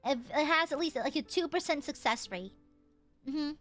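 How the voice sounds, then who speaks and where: A woman's voice: high-pitched, animated, moderate pace, a bit bright, soft background music. A young woman streamer chatting casually and teasing her viewers in a playful, goofy way. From United States.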